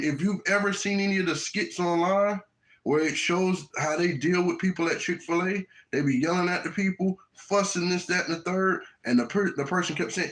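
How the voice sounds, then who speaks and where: A man's voice: a little high, a bit bright, poor audio. Man street-preaching outdoors with "right?" tags. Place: outdoors in hot weather.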